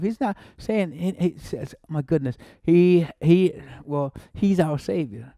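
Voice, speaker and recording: A man with an American accent preaching a sermon, his voice mellow and warm at a middle pitch. He repeats words, exclaims often and climbs to emphatic peaks, with short laughs between phrases. The sound is close and dry. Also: unhurried, vocal fry, hardly any pauses, dry recording. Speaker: pastor.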